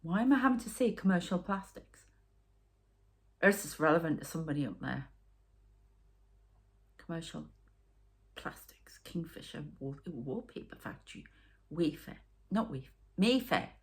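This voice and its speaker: A woman's voice: deep voice, lively intonation, measured pace, long pauses. Chatty Geordie woman reading tarot. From North East England. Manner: rambling, chatty, with asides and sighs. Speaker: tarot reader. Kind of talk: casual psychic reading monologue.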